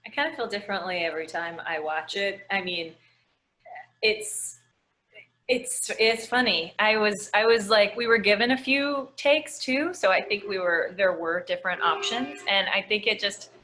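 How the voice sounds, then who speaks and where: Bright-voiced hesitant actress guest. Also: female voice, mid-range voice, normal speed. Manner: hesitant, searching for words. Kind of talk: casual interview.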